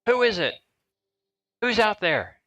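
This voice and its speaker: A man's voice: high-pitched, very animated, takes it slowly, a bit bright, highs cut off, voice pushed up, heavily acted. A man voicing a prim, disapproving orphanage headmistress in her fifties who asks clipped, suspicious questions. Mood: wary.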